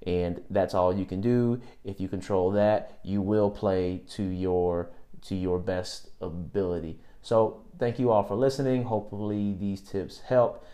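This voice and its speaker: A man talks through basketball tryout advice like a coach, direct and repetitive for emphasis. His voice sits low and has a mellow, dark tone. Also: fairly even intonation, unhurried. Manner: coaching, direct, repeats key words. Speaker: podcast host giving basketball tryout tips. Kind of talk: casual advice monologue.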